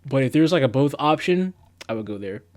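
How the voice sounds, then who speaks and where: A man's voice: mid-range voice, animated, fairly quick, no room sound, clean studio sound. A young man on a live stream, chatting casually and rambling in a laid-back, slangy, self-mocking way as he reads quiz questions aloud.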